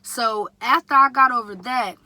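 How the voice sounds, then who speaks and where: Bright-voiced chatty young woman. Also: moderate pace, no room sound. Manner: chatty, animated, mimics her dad in a high voice. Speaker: vlogger. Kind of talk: casual storytime vlog.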